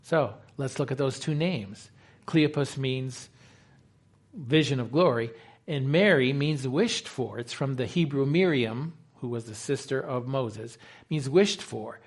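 A man preaching a sermon as pastor, animated and acting out the quoted dialogue. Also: mid-range voice, unhurried, slightly rough.

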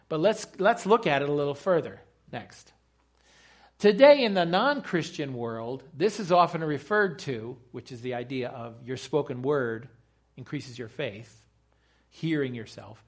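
A man's voice: a little high, expressive, unhurried. A man preaching a sermon in an emphatic way, using rhetorical questions and repeating key phrases.

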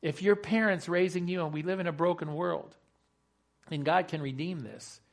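A male preacher delivers a sermon with a fairly high voice. He talks emphatically and poses rhetorical questions to the congregation. He repeats his key points. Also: normal speed, creaky.

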